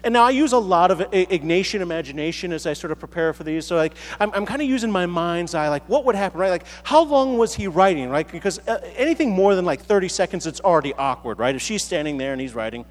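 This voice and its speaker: A man's voice: high-pitched, lively intonation, quick pace, hardly any pauses. A man preaching a conversational sermon as a priest, talking casually with many fillers and tag questions. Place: church. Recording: reverberant church hall.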